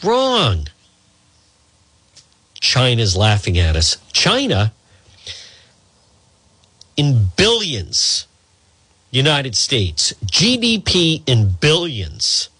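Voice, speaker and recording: A man's voice: medium pitch, wildly swooping pitch, very slow, pauses often, sharp tone, husky, dry recording. Combative man ranting on talk radio. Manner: combative, exasperated, rhetorical questions. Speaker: radio talk show host.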